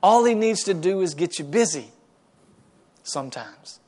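Pastor, male, high-ish voice, lively folksy sermon delivery. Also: measured pace. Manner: animated preaching, folksy asides, acts out quoted voices.

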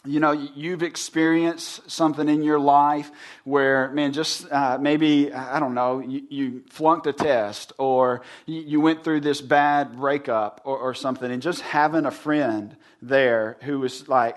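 Man, thirties, pastor giving a sermon, earnest, conversational, goes quiet and low for comforting words. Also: steady tone, a little slow. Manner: earnest storytelling, drops soft and low for quoted comfort.

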